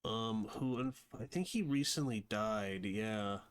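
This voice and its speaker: A man's voice: fairly low pitch, measured pace, clean tone. A man hosting a casual movie review, rambling with many fillers and restarts. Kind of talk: casual unscripted commentary.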